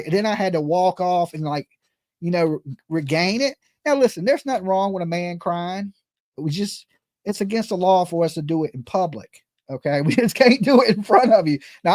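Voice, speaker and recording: A man's voice: high voice, darkish tone, dry recording, clean studio sound. A man hosting a true-crime livestream, talking in a casual, rambling and earnest way and often repeating himself.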